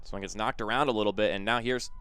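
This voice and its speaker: A man calling a live soccer match play-by-play in a steady, conversational way, filling quiet stretches with background chat about the teams. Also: on the low side, fast talker, clear, resonant tone. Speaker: play-by-play commentator.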